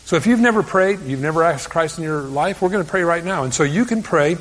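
Male pastor, sermon delivery, earnest conversational tone with stammered restarts; high voice, long reverb of a church hall. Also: expressive, quick pace, a bit bright.

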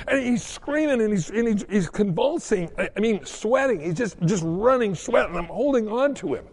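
Male pastor, higher-pitched voice, lively storytelling sermon. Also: normal speed, few pauses. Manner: storytelling, animated, repeats words.

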